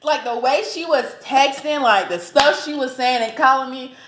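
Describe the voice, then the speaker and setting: A young woman chatting casually alongside her boyfriend, talking in a relaxed way with lots of "like". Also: sits high, moderate pace. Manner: chatty, filler-heavy with "like". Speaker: co-host girlfriend. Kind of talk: casual storytelling chat. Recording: roomy echo, faint noise.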